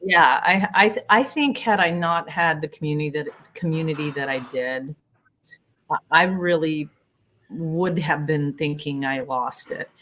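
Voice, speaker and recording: A woman's voice: low-pitched, measured pace, a bit bright. A woman guest in casual chat, often restarting her sentences as she talks. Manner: stammering restarts, conversational.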